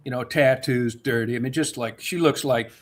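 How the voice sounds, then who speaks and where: A man in mid-pitched casual chat, ranting and swearing freely as he tells a long grievance story. He talks like a host catching up with a regular listener. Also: moderate pace.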